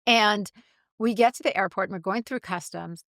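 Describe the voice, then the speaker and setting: Middle-aged woman, gravelly voice, animated storyteller, dry close sound. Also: mid-range voice, moderate pace, dry recording. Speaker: podcast co-host. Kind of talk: casual chat.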